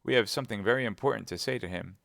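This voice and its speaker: A man's voice: on the low side, racing, vocal fry, fairly bright tone, no echo, studio quality. A man playing a gallant young swordsman. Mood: eager.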